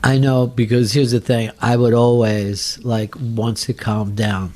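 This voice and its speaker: Male radio host, slow wry delivery, noisy recording. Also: medium pitch, flat delivery, darkish tone. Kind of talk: casual radio chat. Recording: clear background noise.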